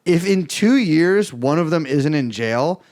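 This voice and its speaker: A man's voice: a little high, lively intonation, unhurried, a little mellow. Young guy cohost, rambly and swearing, voice swings up and down a lot. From East Bay, California. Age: young adult. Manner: rambling, stumbling restarts, profane. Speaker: podcast co-host. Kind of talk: casual political chat.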